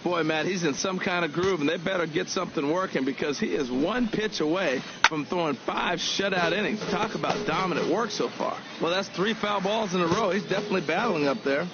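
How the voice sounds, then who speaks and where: High-voiced man giving baseball color commentary. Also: brisk. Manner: upbeat, praising analysis. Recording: muffled game audio over loud music.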